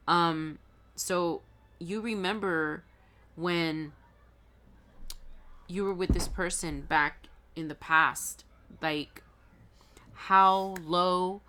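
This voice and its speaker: Low, bright-voiced woman reading tarot. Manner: chatty and emphatic, with frequent restarts and addressing viewers as "guys"; earnest and encouraging. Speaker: tarot reader. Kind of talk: intuitive tarot reading to camera.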